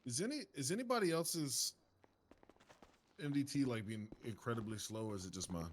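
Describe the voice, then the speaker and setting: A man's voice: medium pitch, animated, a little fast. A man playing a police officer in an online role-play, chatting casually and laughing easily.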